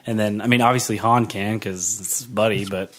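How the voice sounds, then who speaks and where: A man's voice: on the low side, fairly even intonation, a little fast, a bit bright. A man in his thirties co-hosting a podcast, rambling casually and filling his talk with "like". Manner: rambling, full of "like" and restarts. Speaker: podcast co-host. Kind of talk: casual chat.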